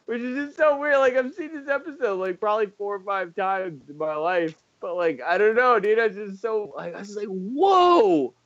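A man's voice: sits high, a little fast, hardly any pauses, a bit bright, dull audio. A man co-hosting a podcast, chatting casually, rambling with lots of swearing and frequent laughter. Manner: rambling, profane, laughs often. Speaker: podcast co-host. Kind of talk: casual chat.

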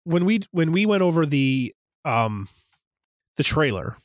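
A young man co-hosting a casual podcast, excitedly retelling movie scenes and jumping into high voices for quotes. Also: a little slow, no echo, clean studio sound. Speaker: podcast co-host.

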